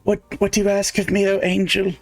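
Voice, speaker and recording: A man playing a dazed young elf, starry-eyed and slightly breathless, from a tabletop game. The voice is pitched higher than his usual talk, with a soft, wondering tone. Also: monotone, a little fast, no echo, distant mic.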